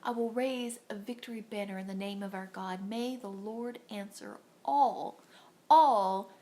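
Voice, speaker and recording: A woman's voice: mid-range voice, steady tone, moderate pace, mellow, a little hiss or hum. A woman giving an earnest, encouraging devotional talk to women, acting out little voices as she goes. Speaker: devotional host.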